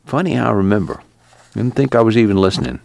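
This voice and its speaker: A man's voice: lowish voice, fast talker, gravelly, darkish tone, no echo. A man voicing an earnest young fugitive farm man in an audiobook, with plainspoken rural dialect. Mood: reflective. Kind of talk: audiobook character reading.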